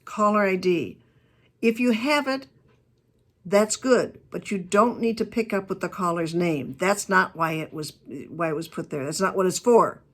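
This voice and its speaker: Chatty, emphatic woman keynote speaker. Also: mid-range voice. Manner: chatty, emphatic storyteller with asides. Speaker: keynote speaker on customer service. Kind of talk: lively talk to a business audience.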